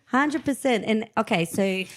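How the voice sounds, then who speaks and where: A woman co-hosting a podcast, chatting casually, asking questions and giggling. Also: a little high. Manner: quick, giggly, asks questions. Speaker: guest co-host. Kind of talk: casual chat.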